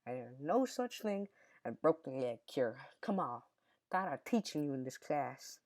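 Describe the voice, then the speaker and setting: A man's voice: fairly high pitch, big pitch swings, moderate pace, a little mellow. Scolding schoolteacher woman, exasperated, stern, as a young man imitates her.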